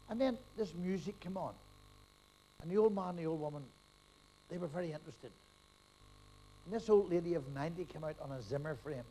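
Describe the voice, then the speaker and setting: A middle-aged man working a stand-up crowd, his voice pitched high and swinging widely as he rattles off crude one-liners and laughs at his own punchlines. He talks into a stage mic, and a faint hiss runs under the live recording. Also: darkish tone, poor audio. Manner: rapid-fire joke telling with crude punchlines, laughing at his own gags. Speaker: stand-up comedian. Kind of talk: stand-up comedy routine.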